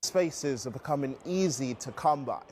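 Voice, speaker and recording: A man with a British accent reading a measured news report. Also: mid-range voice, expressive, darkish tone, slight background noise.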